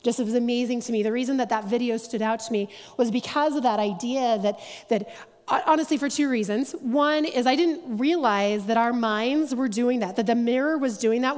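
A woman with a fairly high voice delivering a church message, chatty and self-deprecating, slipping in quick asides as she tells her stories. Her voice carries a long reverb from the large auditorium around her. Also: darkish tone. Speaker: church staff speaker giving the message. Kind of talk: sermon.

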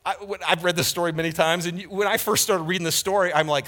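A man preaching with a bright, slightly high voice that rises and falls widely. He talks to the congregation candidly and conversationally, building to loud emphatic peaks and then dropping to a hush. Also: fast talker. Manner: animated and emphatic, swinging from loud to hushed. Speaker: pastor. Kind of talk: sermon.

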